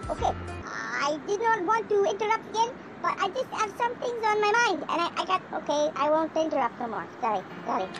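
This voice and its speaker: A performer voicing a lovesick little creature who wishes to become human, in a high whiny put-on voice. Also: big pitch swings, a little fast, few pauses, over loud music, heavily acted. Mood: pleading. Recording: noisy home video recording.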